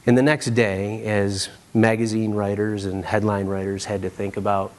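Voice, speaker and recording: A man's voice: fairly low pitch, normal speed, hardly any pauses. A man in his thirties giving a conference keynote, telling stories and often checking in with "right?". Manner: animated, acts out quotes, frequent "right?". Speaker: keynote speaker. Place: conference stage.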